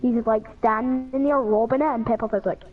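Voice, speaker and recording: A woman's voice: a little high, steady tone, brisk, narrow, tinny audio, soft background music. A woman chatting casually as a vlog co-host, rambling and giggling and breaking into silly voices. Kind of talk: casual chat.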